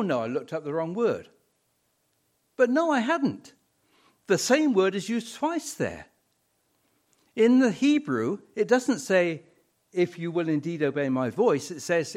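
A middle-aged man delivers a sermon at an unhurried pace. His pitch rises and falls freely as he leans on repeated words for emphasis. Now and then a wry, dry humor slips into his storytelling. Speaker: preacher.

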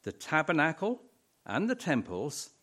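Slow, lively-voiced man preaching a sermon. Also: a little high. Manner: storytelling with wry humor and emphatic repetition.

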